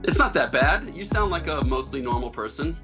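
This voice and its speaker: A man's voice: fairly high pitch, expressive, a little fast, muffled recording, loud music behind the voice. A man co-hosting a radio show, answering with dry, teasing remarks and short exclamations of praise. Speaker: radio co-host. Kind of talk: casual radio chat.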